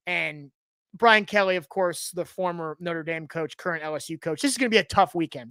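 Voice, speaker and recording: A man's voice: sits high, bright, forceful tone, dry recording. A man hosting a live-streamed sports talk show, giving opinionated, rambling and sarcastic takes with frequent restarts.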